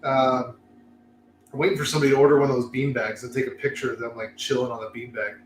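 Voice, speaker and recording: A man's voice: mid-range voice, flat delivery, quick pace, roomy sound, slight background noise. A man hosting a casual chat show from a cigar lounge, rambling, laughing and swearing as he talks. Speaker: host.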